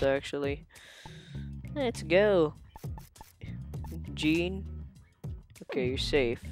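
A gameplay commentator giving casual let's-play commentary in a playful, silly, jumpy way. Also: medium pitch.

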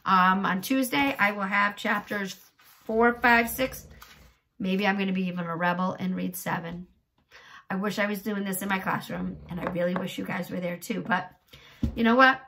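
A young adult woman teacher reading a chapter book aloud to her pupils in an expressive storytelling voice, then chatting to them with questions. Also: medium pitch, moderate pace.

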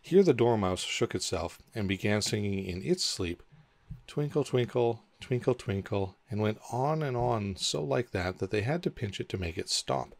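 A man narrating in a low, gravelly voice. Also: very animated, normal speed, hardly any pauses, no room sound. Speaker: audiobook narrator. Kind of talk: scripted storybook narration.

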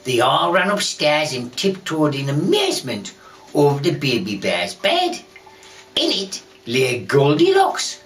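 A woman telling a children's bedtime story in a soft, lulling way, heard from a distance over soothing music. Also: low voice.

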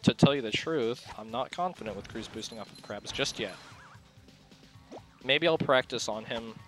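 A man's voice: medium pitch, moderate pace, soft background music. Young man streaming a speedrun. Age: young adult. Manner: excitable, disbelieving, talks in bursts with many restarts; keeps voice down to avoid waking sleepers. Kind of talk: casual live commentary while gaming. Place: college dorm room at night.

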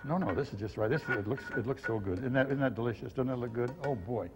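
A man hosting a comic cooking show as the chef, fussing over the dish and repeating "all right" in a gruff way. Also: mid-range voice, fast talker, over music. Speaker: TV chef host. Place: television studio kitchen. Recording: noisy studio with crowd.

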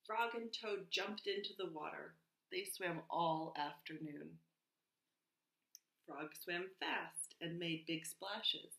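A woman preschool teacher reading a storybook aloud to children, in a slow, clear and expressive way. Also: lowish voice, echoey room, rough recording.

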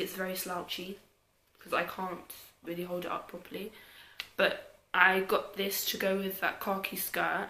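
In an echoey room, a worn-out young woman with a British accent films a casual clothing haul for YouTube, chatting away, poking fun at herself, and trailing off into mutters. Her voice is medium in pitch and a little bright.

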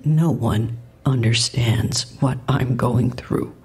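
A woman voicing a quiet middle-aged father who speaks low, halting and defeated. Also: breathy edge, heavily acted. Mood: bitter.

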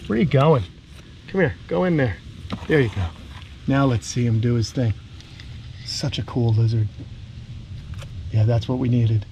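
A man's voice: medium pitch, unhurried, pauses often, mellow, a little hiss or hum. A man with a New York accent hosting a casual outdoor vlog, explaining animal care enthusiastically and coaxing the lizards along like pets. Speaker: reptile keeper and channel host.

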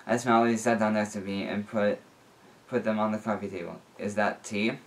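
A man reading a fan fiction story aloud in a plain, unhurried way. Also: on the low side, steady tone. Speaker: reader.

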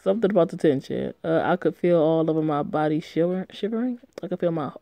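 A woman voicing a despairing, self-blaming young woman in a story game, read flat and low-key. The voice is low and mellow. It sounds dry, close to the mic. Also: quick pace, no room sound. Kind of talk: reading a story game aloud.

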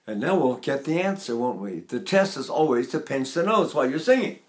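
A man's voice: mid-range voice, very animated, brisk, echoey room. An older man teaching singing, talking to a class and breaking off into brief sung demonstrations. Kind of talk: vocal lesson with sung demonstrations.

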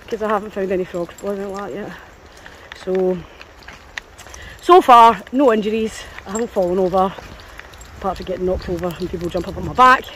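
In this low-quality clip with a little hiss or hum, a Scottish woman talks in a mid-range, slightly bright voice. She's walking her dogs on a country path outdoors, vlogging casually and frequently turning to talk to them.

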